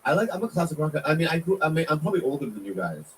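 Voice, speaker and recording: Lively fifties man joking around. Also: a little high, rapid-fire, far from the mic, slight background noise, low-quality recording. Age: 50s. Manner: joking, laughing, animated banter. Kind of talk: casual podcast chat.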